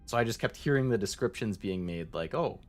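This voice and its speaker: Low-voiced man chatting on stream. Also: animated, a little fast, soft background music. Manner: rambling, many fillers, answers chat. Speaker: VTuber streamer. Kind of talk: casual livestream chat.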